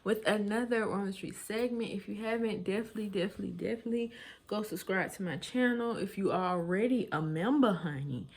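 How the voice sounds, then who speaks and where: A woman's voice: mid-range voice, brisk, breathy edge. Sassy woman vlogger dishing gossip. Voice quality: sassy, chatty, talks straight to viewers. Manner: animated, laughs and exclaims between remarks. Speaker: vlogger hosting a street gossip segment. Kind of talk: casual celebrity gossip commentary.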